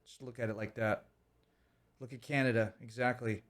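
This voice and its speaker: A man's voice: medium pitch, flat delivery, normal speed, fairly bright tone. A man in his thirties ranting heatedly and profanely on a livestream, stopping to thank viewers. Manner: thanks viewers for donations mid-rant. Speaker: streamer reacting to videos. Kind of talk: casual livestream rant.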